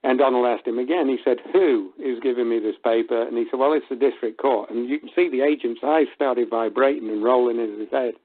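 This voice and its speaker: A man's voice: medium pitch, fast, hardly any pauses, husky. A man calling in to a talk show, retelling a story with chuckles and acted-out quotes. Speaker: caller. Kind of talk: casual storytelling on a call-in show. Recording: tinny phone line.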